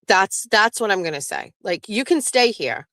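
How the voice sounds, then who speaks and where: A woman's voice: medium pitch, sing-song, moderate pace, a bit bright, no echo. Woman livestream host, casual and blunt, swears freely, dry close sound. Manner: blunt, profane, talks back to chat. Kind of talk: casual live-stream chat with viewers.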